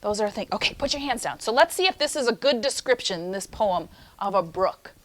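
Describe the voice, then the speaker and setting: A young adult woman teaching a phonics lesson to young children in an animated, sing-song teacher voice. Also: medium pitch. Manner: animated, sing-song teacher voice, slows for chanted poem lines.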